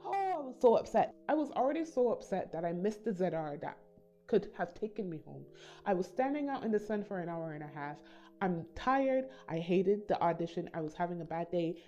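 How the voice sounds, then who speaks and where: Animated woman telling a story. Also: on the low side, brisk. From Caribbean. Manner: animated, acts out voices in quotes. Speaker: storytime YouTuber. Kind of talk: casual storytelling to viewers. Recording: slightly dull recording with soft background music.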